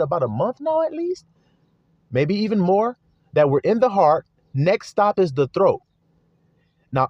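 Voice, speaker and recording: A male preacher teaching a sermon with a lively, swooping delivery, chanting words over and over and pressing his listeners with questions. His voice sits a little high for a man. The recording is dull and lo-fi, with a dry, close sound. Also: no echo. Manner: repetitive chanting emphasis, rhetorical questions to the flock.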